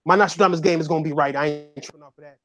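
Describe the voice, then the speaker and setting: A man chatting casually on a gaming podcast, loud and profane, laughing often and slipping into playful impressions. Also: a little high, steady tone, racing. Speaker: YouTube gamer co-host.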